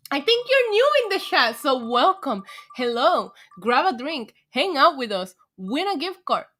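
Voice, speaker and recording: A woman hosting a casual livestream, excitable and getting tipsy, swearing freely and laughing often. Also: high-pitched, measured pace. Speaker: livestream host.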